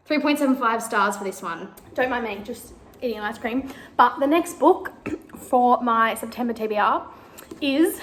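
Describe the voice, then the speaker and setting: A young woman chatting casually about books she has read, rambling a little with lots of fillers. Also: fairly high pitch. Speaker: book vlogger. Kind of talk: casual book review vlog.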